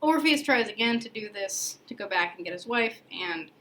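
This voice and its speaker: A woman's voice: medium pitch, animated, normal speed, fairly bright tone, a little hiss or hum, low-quality recording. A young woman hosting a podcast, retelling a myth in a chatty, playful way with slang and laughs. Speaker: podcast host. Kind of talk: casual mythology storytelling.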